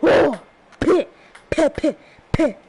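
A woman giving casual gameplay commentary, excitable and trash-talking with frequent exclamations. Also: high voice, extremely slow, gravelly, soft background music. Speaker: gamer.

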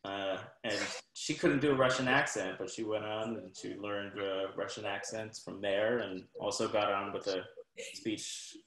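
Low-voiced man talking in an echoey room. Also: fairly even intonation, unhurried, fairly bright tone. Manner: conversational, rambling, with restarts. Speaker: talent manager. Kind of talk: casual advice at an online info session.

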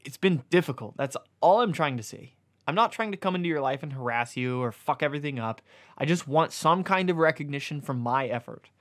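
A man reading aloud as a wounded, resentful book come to life, his lines pushed up a little louder and tighter. The voice stays close to an ordinary male reading voice, dramatized for a storybook. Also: fairly high pitch, lively intonation, brisk, close to an everyday voice. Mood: frustrated. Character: bitter male living book, frustrated and wounded.

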